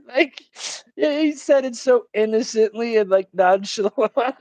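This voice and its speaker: A man's voice: high-pitched, moderate pace, a little mellow, no echo. A man hosting a casual chat, laid-back, swearing freely and laughing often. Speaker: host.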